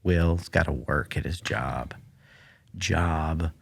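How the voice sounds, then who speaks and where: Solo comedy host, man with a deep, raspy-fry voice; dry, meandering, filler-heavy. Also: slow. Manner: rambling, dry, many fillers. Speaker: podcast host. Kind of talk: casual comedic monologue. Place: room in a public library. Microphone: studio mic that picks up the room.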